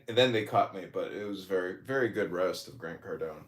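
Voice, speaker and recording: A man's voice: sits low, a little fast. A man hosting a podcast, telling rambling, boastful stories and laughing at his own jokes. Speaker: podcast host. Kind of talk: casual chat, storytelling. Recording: roomy echoey audio.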